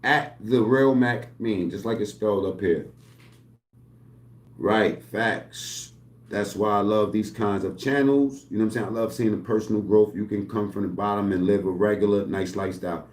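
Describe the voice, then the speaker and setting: A man's voice: on the low side, steady tone, moderate pace, a little mellow. A man talking loosely and streetwise in a rambling home vlog, swearing often and drifting between asides. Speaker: channel host. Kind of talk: casual rambling vlog talk. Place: at home, indoors. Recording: echoey room.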